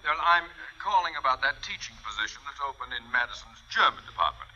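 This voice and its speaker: An actor in a 1950s radio sitcom playing a pompous, easily outraged high school principal with a bombastic manner. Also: male voice, very animated, quick pace, bright, forceful tone. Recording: dull old radio broadcast with hiss.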